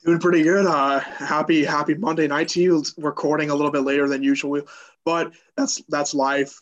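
A man's voice: on the high side, flat delivery, a little fast, highs cut off. A young man co-hosting a sports podcast by phone, loose and rambling, with many restarts. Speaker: podcast co-host. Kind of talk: casual sports podcast chat. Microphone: phone call.

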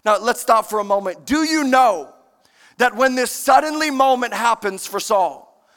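A man preaching a sermon in a large church, emphatic and animated, questioning the congregation. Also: extremely high pitch, normal speed. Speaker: pastor. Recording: long church-hall reverb.

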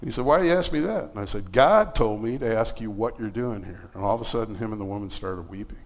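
A man's voice: lowish voice, fast talker, in a large hall. Man preaching with a casual storytelling voice. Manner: casual, conversational storytelling with fillers and animated quoted dialogue. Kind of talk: sermon with personal story. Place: church.

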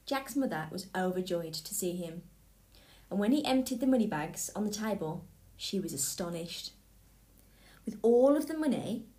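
A woman reading a fairy tale aloud with expressive storytelling. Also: mid-range voice. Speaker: storybook reader. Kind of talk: scripted fairy tale narration.

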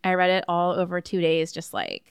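A woman's voice: on the low side, huge pitch swings, moderate pace, vocal fry, clean tone, dry recording, studio quality. A woman co-hosting a podcast in casual chat, laughing often and swearing freely. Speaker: podcast co-host.

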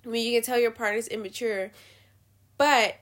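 A woman hosting a show, giving blunt, profane opinions in a casual, animated rant. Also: fairly high pitch, moderate pace. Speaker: podcast host.

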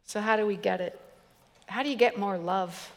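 A woman's voice: mid-range voice, normal speed, in a large hall. A woman preacher giving an emphatic sermon, building it with repeated phrases and humorous stories. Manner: emphatic, repetitive, storytelling with humor.

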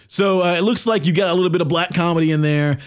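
A man talks loosely as a podcast co-host, stringing thoughts together with plenty of "uh" and casual swearing. His voice sits a bit high for a man, and the delivery stays relaxed and chatty throughout. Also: quick pace, clean tone. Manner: loose, rambling, swears freely, many fillers. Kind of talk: casual chat.

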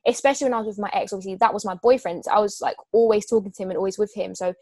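A woman's voice: mid-range voice, rapid-fire, darkish tone, no room sound. Open woman, dry close mic. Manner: open, emotional, frank. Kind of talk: casual heart-to-heart chat.

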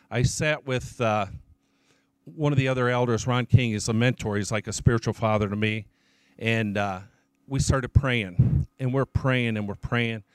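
A man's voice: mid-range voice, clear, resonant tone, no room sound. A man, a church elder, preaching his testimony as an emphatic storyteller who repeats his key phrases.

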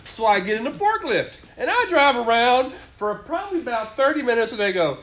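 A man's voice: extremely high pitch, very animated, fairly quick, hardly any pauses, a bit bright. A man telling a rambling work story in casual chat, swearing often and acting out his bosses' lines.

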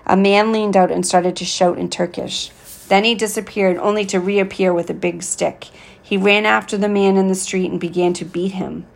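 A woman reading a novel aloud, with steady, expressive storytelling. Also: mid-range voice, moderate pace, creaky. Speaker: reader.

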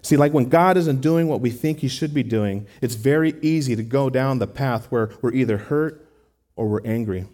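A man's voice: mid-range voice, normal speed, dark tone. A man preaching a sermon in an earnest, conversational way, talking to the congregation with rhetorical asides. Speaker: pastor.

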